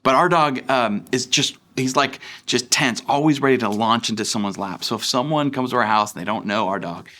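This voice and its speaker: A man's voice: mid-range voice, a little fast, hardly any pauses, sharp tone. Young man, pastor, earnest, conversational sermon, fillers and restarts. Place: church.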